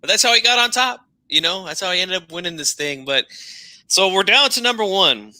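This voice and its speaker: A man hosting a casual wrestling talk show, telling stories in an animated way and often tacking on "man". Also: high-pitched, a little fast, dry recording, rough recording. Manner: animated storyteller, says "man" a lot. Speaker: wrestling podcast host. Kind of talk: casual chat.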